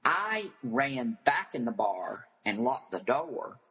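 An older man as an interview guest, telling animated stories and acting out the voices of the people in them. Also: medium pitch, takes it slowly, slightly rough, poor audio. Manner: flamboyant storyteller who acts out quoted voices.

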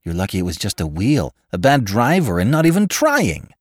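A man's voice: fairly low pitch, huge pitch swings, normal speed, dry recording, studio quality. A man voicing an exasperated male onlooker who scolds with incredulous questions, in an audiobook reading. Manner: exasperated, sharply rising questions.

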